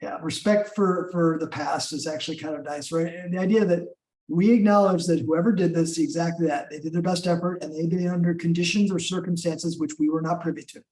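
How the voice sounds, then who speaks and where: High-voiced man, roomy and distant. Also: fairly even intonation, fairly quick, darkish tone. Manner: thoughtful, explanatory. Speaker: meetup participant. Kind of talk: casual group discussion. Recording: roomy, off-mic.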